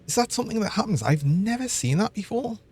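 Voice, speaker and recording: Chatty gamer, lively pitch. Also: male voice, quick pace, slightly rough. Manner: chatty, laughs often, thinks aloud. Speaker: game streamer. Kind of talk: live gameplay commentary.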